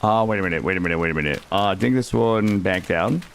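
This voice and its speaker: A man streaming a game live, excitable, swearing and talking to his chat. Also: low voice, fast, vocal fry, a little hiss or hum. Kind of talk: live gameplay commentary.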